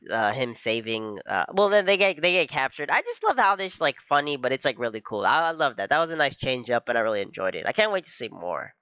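A young man casually reacting to an anime episode as the host, excitable and peppering his talk with "bro". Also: medium pitch, smooth, dry recording, dull audio. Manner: excitable, keeps saying "bro".

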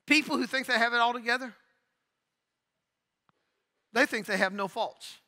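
Man, pastor, very high voice, sharp bright tone, sermon with acted-out dialogue. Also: animated, unhurried, long pauses, in a large hall. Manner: storytelling with dialogue, building to emphatic calls.

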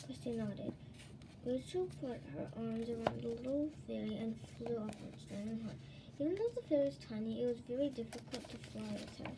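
A woman reading a children's chapter book aloud in an expressive, animated way. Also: a little high, a little fast, noisy background. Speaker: storybook reader.

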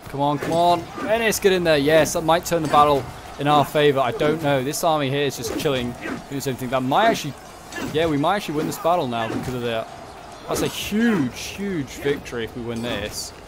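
A young man giving casual commentary on a strategy game, thinking aloud and muttering quick reactions. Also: fairly high pitch. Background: background music.

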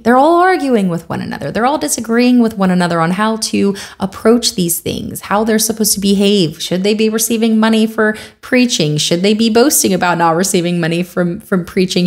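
A woman talking casually to camera in a commentary vlog, conversational and wry, with many fillers. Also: mid-range voice. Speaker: video creator.

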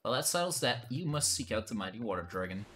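A man's voice: mid-range voice, very animated, fast talker, a bit bright, a little hiss or hum. A man voicing an old, drowsy male tree-spirit hermit in a put-on old-man accent, rambling like a conspiratorial storyteller. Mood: folksy.

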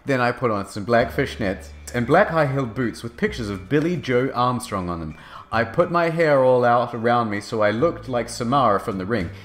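A man narrating a fanfic as a comedic dramatic reading, in a mock-earnest deadpan. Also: mid-range voice, normal speed.

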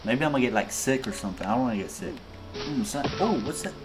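A man with a mid-range voice talks fast while hosting a gaming video, delivering excitable, slangy let's-play commentary directly to his viewers. Game music plays in the background.

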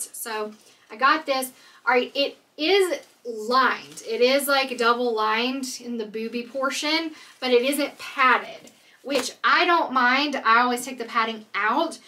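A woman's voice: on the high side, pushed and bright, distant mic. A woman vlogger from Canada chatting candidly and jokingly through a try-on clothing haul, recorded a little off the mic. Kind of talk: casual try-on haul chat.

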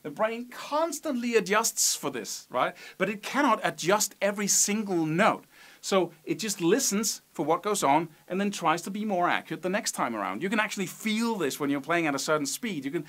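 Man explaining guitar picking, slightly high voice. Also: a bit bright. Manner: explanatory, sings rhythms as syllables, rhetorical "right?". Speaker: guitar teacher. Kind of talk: explaining technique to camera.

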